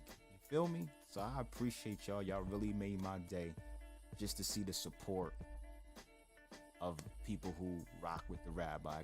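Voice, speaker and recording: Dude hosting a podcast, kinda low voice, street slang, hyped up, music going behind him. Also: male voice. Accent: Connecticut urban slang. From Stamford, Connecticut. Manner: hyped, street slang, pleading shout-outs. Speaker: podcast host. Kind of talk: casual podcast monologue.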